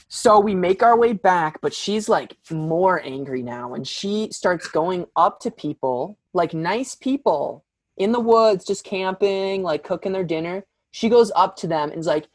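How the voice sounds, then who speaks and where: A young man appears as a podcast guest, telling a story in an animated, casual way, heavy on fillers and saying "like" often. His voice sits high, his pace is unhurried, and there's no echo.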